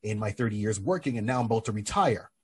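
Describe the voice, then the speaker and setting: A man voicing a tired male guard close to retirement in a retold story, speaking in a husky, plain way. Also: lowish voice, lively intonation, fast talker. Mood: wistful. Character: weary middle-aged male guard near retirement.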